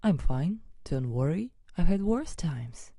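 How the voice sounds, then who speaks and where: A woman's voice: sits low, sing-song, takes it slowly, dark tone, husky, no echo, studio quality, exaggerated voice. A woman voicing a cheerful male kangaroo. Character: friendly male red kangaroo, cheerful and unbothered. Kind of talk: educational character narration.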